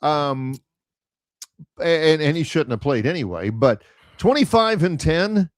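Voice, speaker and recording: A man's voice: fairly high pitch, slow, no room sound, studio quality. A man who hosts a sports talk show and argues his points with emphatic, storytelling energy. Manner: emphatic, argumentative, lively storytelling. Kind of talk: sports talk radio debate.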